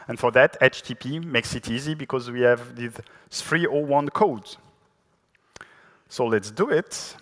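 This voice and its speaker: With an unhurried delivery and a high, fairly bright voice, a French conference speaker talks through a technical subject. He's chatty and self-deprecating, his French accent clear, and he fills his speech with fillers and restarts while the large hall adds a long reverb.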